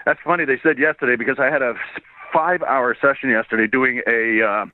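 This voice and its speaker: Hoarse Canadian man on a tinny line. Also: mid-range voice, brisk, dry recording. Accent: Canadian with a faint Irish trace. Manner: animated, laughing storyteller with frequent restarts. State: a bit hoarse. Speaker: voice actor and singer, guest. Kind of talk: casual interview chat. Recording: tinny phone-line sound.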